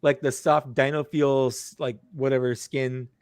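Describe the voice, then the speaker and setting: A man talking fast and animated as a guest on a casual livestream, often repeating words. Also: mid-range voice, smooth, dry recording, studio quality.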